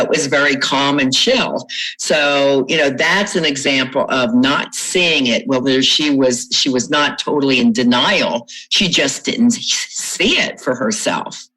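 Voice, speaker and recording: Speaking in a deep, rumbling voice with a bit of brightness, a trauma recovery coach from Florida, middle-aged, explains her work in an interview. She recounts stories about clients and laughs lightly now and then, though the recording itself is of poor quality.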